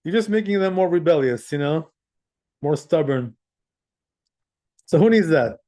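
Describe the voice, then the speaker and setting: Relaxed male rabbi teaching, conversational and a bit higher-pitched. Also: unhurried. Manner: conversational, sprinkles in "right?" and "you know", chuckles often. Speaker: rabbi teaching Jewish law. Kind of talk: casual Torah class.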